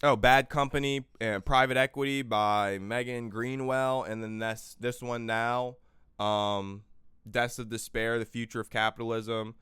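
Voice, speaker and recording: A man hosting a political livestream, tired and exhausted, swinging between quiet weary stretches and loud profane outbursts into a close microphone. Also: mid-range voice, steady tone, unhurried, clean tone, dry recording. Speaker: livestream host. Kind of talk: impassioned political livestream rant.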